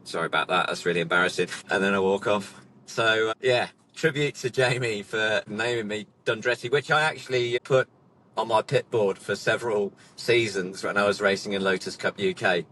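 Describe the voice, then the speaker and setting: Middle aged bloke rambling thru a story in his car, lowish voice, bit of noise behind. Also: steady tone, moderate pace, pushed and bright. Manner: rambling, self-deprecating, many restarts. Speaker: racing instructor and vlog host. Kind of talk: casual anecdote. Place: in a car stuck in traffic.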